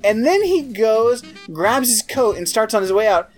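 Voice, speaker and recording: Podcast co-host, sarcastic, exasperated, lively pitch, faint music behind. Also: normal speed. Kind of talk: casual movie recap chat.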